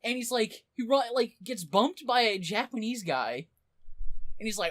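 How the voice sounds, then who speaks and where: A young woman chats on a podcast, recapping a plot with a lot of energy. Her pitch leaps and dips as she tells it. Now and then she acts out a character's line. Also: moderate pace, no echo. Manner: animated plot retelling, acting out quotes. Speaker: podcast co-host. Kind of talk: casual chat.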